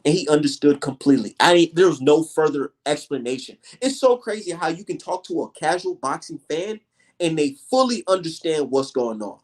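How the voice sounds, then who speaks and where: A young man hosting a casual livestream, telling stories in an emphatic, profane, animated way. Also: on the high side, fairly quick. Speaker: livestream host.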